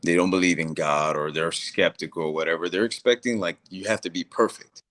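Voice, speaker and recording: A man's voice: sits low, fairly even intonation, brisk, fairly bright tone. A man co-hosting a casual faith podcast, talking in a blunt, plain-spoken and wry way. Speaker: podcast co-host; Marine leader.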